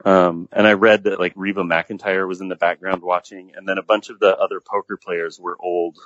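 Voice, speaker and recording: A man's voice: deep voice, flat delivery, a little fast, a bit bright, no echo. A man on a podcast who casually and animatedly retells movie scenes at length. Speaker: podcast guest. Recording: dull lo-fi audio.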